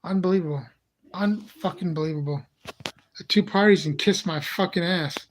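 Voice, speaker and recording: Brief: high-pitched man hosting his channel, angry profane rant, exasperated and repetitive. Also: fairly quick, slight background noise. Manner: heated, profane, ranting. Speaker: channel host. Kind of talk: angry monologue vlog.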